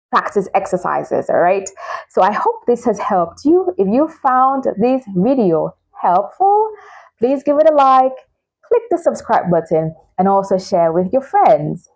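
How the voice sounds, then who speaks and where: A woman's voice: medium pitch, a little mellow, low-quality recording. A woman teaching English pronunciation in a casual spoken lesson, encouraging and repetitive, often checking in with "all right?".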